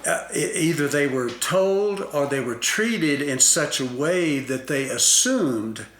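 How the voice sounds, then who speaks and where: Slow, deliberate man in echoey room. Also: fairly high pitch, expressive, a bit bright, slight background noise. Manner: deliberate, many fillers and restarts. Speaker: guest expert on self-concept. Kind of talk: slow explanatory talk-show conversation.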